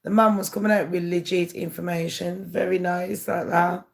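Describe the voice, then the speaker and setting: A woman's voice: on the low side, little pitch movement, moderate pace, vocal fry. A woman talking straight to her viewers in a candid, aggrieved monologue. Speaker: YouTuber. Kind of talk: casual monologue to camera.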